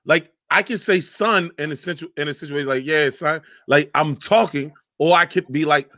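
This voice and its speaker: A casual panelist talking over a video call, animated and full of slang. His voice sits a bit high and sounds bright and forward. The sound is dry and close, with no room around it. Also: fairly quick, dry recording. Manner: animated, restarts a lot, slangy. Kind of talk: casual podcast chat.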